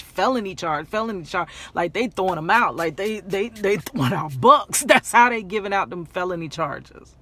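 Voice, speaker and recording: A woman vlogger telling a personal story in a casual storytime way, animated, laughing often and repeating phrases for emphasis. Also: fairly low pitch.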